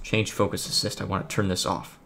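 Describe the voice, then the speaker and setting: A man's voice: deep voice, little pitch movement, a little fast, vocal fry, a bit bright, a little hiss or hum. A man streaming a building game, chatting casually to viewers and rambling with frequent restarts. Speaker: gaming streamer. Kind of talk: casual live-stream chat.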